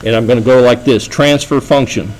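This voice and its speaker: A man's voice: mid-range voice, brisk, a little mellow, low-quality recording. A middle-aged man giving a classroom lecture, talking casually and checking in with the students often. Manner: conversational, asks students frequent checking questions. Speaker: engineering lecturer.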